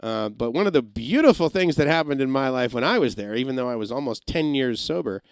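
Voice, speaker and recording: A middle-aged former radio engineer chats on a home livestream, telling long, rambling stories. His voice swings widely up and down in pitch, and he breaks into brief comic impressions. The sound is dry and close, with no room echo. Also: animated, brisk, clear, resonant tone. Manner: rambling storyteller who slips into comic impressions. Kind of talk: casual livestream chat. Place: home in Massachusetts.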